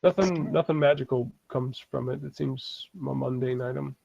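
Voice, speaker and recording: A man narrating as dungeon master over an online game, halting and full of fillers. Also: medium pitch, vocal fry, a little mellow, dull audio, slight background noise. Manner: hesitant, halting descriptions with many fillers.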